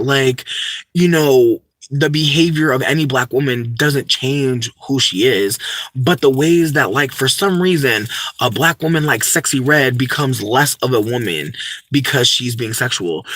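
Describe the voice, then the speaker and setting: A man's voice: medium pitch, fairly bright tone, dry recording, clean studio sound. A young man talking casually to a livestream chat, ranting emphatically with lots of swearing and restarts. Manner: profane, emphatic, many fillers and restarts.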